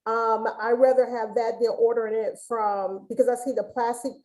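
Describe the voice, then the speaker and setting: A woman's voice: fairly high pitch, flat delivery, moderate pace, darkish tone, poor audio. A woman hosting a casual webinar interview over a video call, chatty and rambling, with many restarts. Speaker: host.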